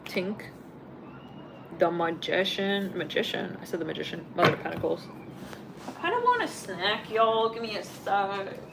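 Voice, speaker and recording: A young woman with a medium-pitched, gravelly voice and lively intonation speaks at a moderate pace over background noise. She's a tarot reader doing a casual live reading, rambling and blunt, full of filler words and swearing.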